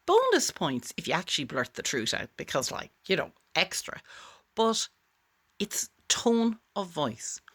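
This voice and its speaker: A woman's voice: lowish voice, huge pitch swings, unhurried, fairly bright tone, slightly rough. A woman teaching a voice exercise straight to camera in an encouraging, chatty way. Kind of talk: direct-to-camera tutorial.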